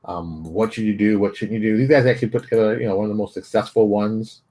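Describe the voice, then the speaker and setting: A man hosting his own daily show, talking casually from his home office in a blunt, animated, ranting way. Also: quick pace. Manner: blunt, animated ranting with big pitch jumps. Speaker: host. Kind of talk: casual solo vlog commentary.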